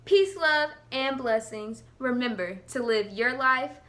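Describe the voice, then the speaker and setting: A young woman tells an embarrassing story to her vlog audience. Her voice is bright and forceful, pitched a little high, and she jumps into a different voice for each person she quotes. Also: takes it slowly. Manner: animated, acts out quotes in voices. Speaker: vlogger.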